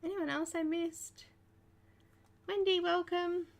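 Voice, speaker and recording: A woman's voice: very high voice, fairly even intonation, slow, vocal fry. An Australian woman hosting a live coloring tutorial, chatty and welcoming, laughing often as she greets viewers. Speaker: art tutorial host.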